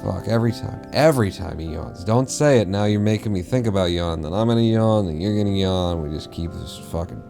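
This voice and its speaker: A man's voice: low voice, brisk, gravelly, hardly any pauses, warm tone, faint music behind. A man streaming a game, rambling and swearing casually to himself as he plays. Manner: rambling, profane, mumbling to himself. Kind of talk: casual live-stream gameplay chatter.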